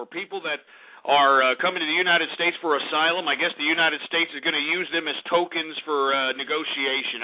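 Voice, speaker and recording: High-voiced angry male radio host. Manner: angry, cursing, ranting. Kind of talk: call-in radio rant. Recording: narrow phone-like lo-fi radio.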